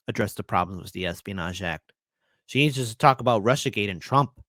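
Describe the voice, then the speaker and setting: A man hosting a livestream, pausing a clip to react in an animated, sarcastic way and talking straight to his viewers. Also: on the low side, no room sound, clean studio sound. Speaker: livestream host.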